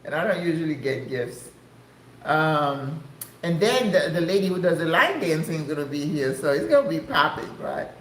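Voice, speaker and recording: An older woman from the United States chatting casually to her viewers, exclamatory and quick to laugh. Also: low voice, animated, fairly bright tone, slight background noise. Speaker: vlogger. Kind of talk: casual chat. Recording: echoey room.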